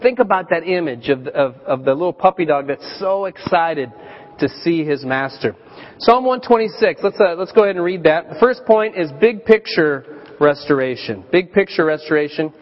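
A man in his thirties preaching a sermon as a pastor, chatty and storytelling, with animated voiced quotes. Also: fairly high pitch, normal speed. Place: church sanctuary. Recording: dull church recording with long reverb.

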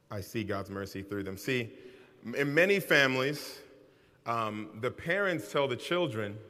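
A man preaching a sermon in a relaxed, conversational and self-deprecating way, with asides and repeated phrases. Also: mid-range voice. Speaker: pastor. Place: large hall with an audience. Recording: long hall reverb.

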